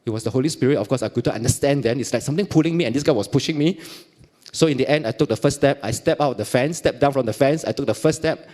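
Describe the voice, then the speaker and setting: A man's voice: mid-range voice, quick pace. A middle-aged man from Singapore with a Singaporean accent, giving a personal testimony at church and acting out the dialogue as he tells it. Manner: animated storytelling, acting out dialogue, frequent laughs.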